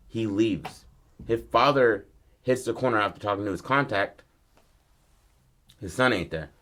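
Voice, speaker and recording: A male podcast host spins a story in casual, slangy talk, full of asides and restarts. His voice sits a bit low, and he gets animated as the tale heats up.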